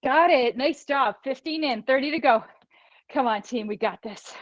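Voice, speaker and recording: A woman's voice: sits high, moderate pace, no room sound, muffled recording. A woman leading a live online fitness class, cheering people on, counting down reps and often laughing. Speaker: fitness instructor. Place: small studio room.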